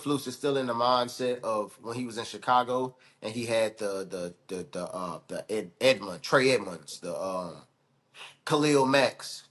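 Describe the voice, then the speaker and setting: A man's voice: lowish voice, normal speed, fairly bright tone. A man co-hosting a fan sports show, talking bluntly with heavy slang and swearing. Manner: profane, heated, blunt slang. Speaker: sports podcast co-host. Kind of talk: casual sports debate.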